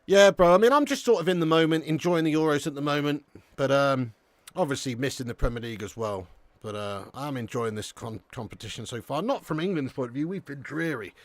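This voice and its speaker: A man's voice: mid-range voice, fairly quick, dry recording. An English man hosting a live football watch-along, calling the match, reading out chat messages and calling people lad and mate. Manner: lively, chatty, says lad and mate a lot.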